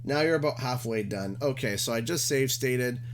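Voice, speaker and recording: A man's voice: mid-range voice, normal speed, a little hiss or hum. A young man from Canada, chatting casually and joking in a rambling way while live-streaming a game.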